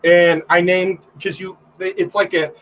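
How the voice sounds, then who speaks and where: A man's voice: sits high, little pitch movement, a little slow, fairly bright tone, slight background noise, poor audio. A man, a photographer, guesting on a livestream and telling rambling stories in casual chat, full of fillers and restarts.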